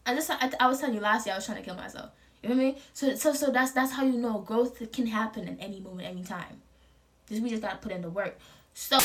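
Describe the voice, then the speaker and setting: A young woman, talking casually at home to camera about confidence, loose and playful with lots of slang. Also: medium pitch. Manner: loose, profane and playful, laughs often. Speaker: vlogger promoting her clothing brand. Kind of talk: casual motivational talk to camera.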